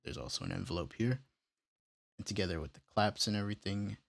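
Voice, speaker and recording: A man casually walking through how he built a beat, step by step, in a relaxed, plain way. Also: lowish voice, fast, vocal fry, dry recording, clean studio sound. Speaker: music producer tutorial host. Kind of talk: casual screen-recorded tutorial.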